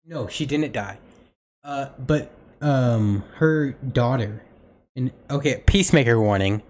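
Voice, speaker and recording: Young male podcast co-host, average pitch, loose rambling delivery with fillers and false starts. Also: takes it slowly, darkish tone. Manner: rambling, many fillers and restarts. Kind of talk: casual chat.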